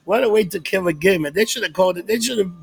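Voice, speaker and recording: High, gravelly man ranting profanely. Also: quick pace. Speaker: podcast co-host. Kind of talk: casual profane chat.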